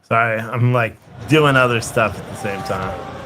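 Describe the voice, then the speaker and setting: Male live-stream host, mid-pitched voice, loose, rambling, self-amused commentary with lots of restarts. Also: measured pace, background noise. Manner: rambling, thinking aloud, restarts mid-sentence; jokey, laughs at his own jokes. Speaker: livestream host.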